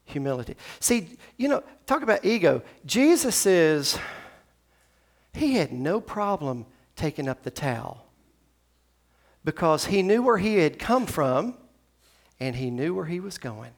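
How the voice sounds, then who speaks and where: Man, pastor, gravelly voice, fairly high pitch, conversational sermon, acts out scripture dialogue. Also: big pitch swings, a little slow. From Tennessee. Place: church sanctuary.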